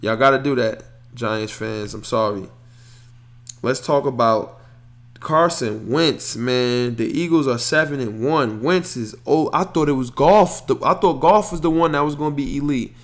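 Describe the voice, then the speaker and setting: A man hosting a podcast, giving loud, opinionated sports takes in casual slang. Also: medium pitch, unhurried. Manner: opinionated, animated rants with slang. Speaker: podcast host.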